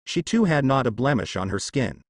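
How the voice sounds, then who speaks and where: A man narrating a fan-fiction story aloud in an animated way. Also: medium pitch, moderate pace, no echo, studio quality. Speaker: fanfiction narrator. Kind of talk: story reading.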